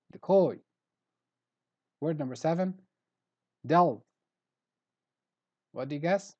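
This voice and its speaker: A middle-aged man with a slightly high, dark-toned voice gives a pronunciation lesson on English vocabulary. He repeats each word carefully to bring out the stressed syllable, captured in a dull lo-fi recording.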